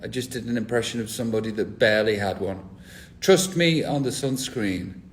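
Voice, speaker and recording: A man's voice: fairly low pitch, moderate pace, slight background noise. A man, hosting a casual live stream, rambling and cheeky with crude jokes. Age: 40s. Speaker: livestream host.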